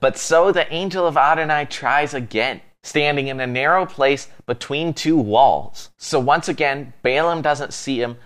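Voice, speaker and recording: Male co-host, casual Bible storytelling, animated, easygoing delivery. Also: a little high, unhurried, hardly any pauses. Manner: lively, amused storyteller.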